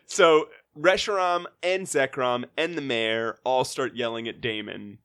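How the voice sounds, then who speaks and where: A man's voice: mid-range voice, a little slow, clear, resonant tone. A man co-hosting a podcast, recapping a movie in casual chat, swearing and mocking the plot. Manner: animated, swears, mocks the plot with put-on character voices. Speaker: podcast co-host.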